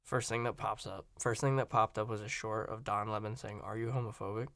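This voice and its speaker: Gravelly-voiced American man rambling casually. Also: on the low side, fairly even intonation, brisk, fairly bright tone, dry recording, clean studio sound. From Virginia and Florida, USA. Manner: opinionated, rambling, self-interrupting.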